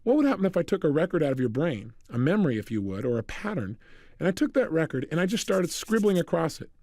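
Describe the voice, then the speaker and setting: A man giving a motivational talk, telling energetic stories and acting out the dialogue. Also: fairly high pitch, fast, no echo, studio quality. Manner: energetic, storytelling, acts out dialogue. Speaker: motivational speaker.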